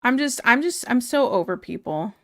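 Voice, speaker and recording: A woman's voice: a little high, lively intonation, normal speed, a bit bright. A woman streamer chatting casually and reading viewer comments aloud, ranting in an exasperated way and laughing often.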